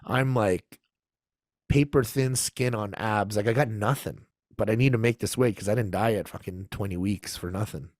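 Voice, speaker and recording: A man casually telling a story on a podcast, animated and laughing as he acts out the people in it. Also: fairly low pitch, normal speed, dry recording, clean studio sound. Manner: animated, acts out quoted voices, laughs often. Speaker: podcast guest.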